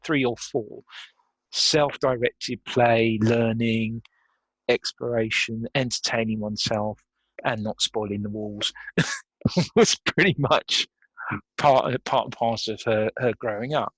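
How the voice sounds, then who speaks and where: A man's voice: medium pitch, takes it slowly, a bit bright, dry recording. A man, a guest in a podcast interview, talking reflectively and laughing often. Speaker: guest, career coach.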